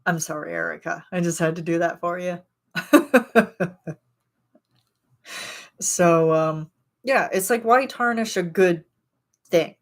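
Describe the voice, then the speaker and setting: Rambly woman streamer in her 30s, kinda low voice, giggles a lot, talking to chat. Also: normal speed, creaky. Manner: rambling, giggly, animated retelling. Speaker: streamer chatting with viewers. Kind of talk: casual chat.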